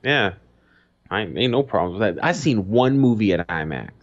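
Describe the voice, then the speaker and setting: Low-pitched dude cursing casually on a podcast, kinda muffled lo-fi sound. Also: male voice, lively intonation, normal speed. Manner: loose, profane, laughs and does sound effects. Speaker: podcast co-host. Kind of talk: casual chat and news reading.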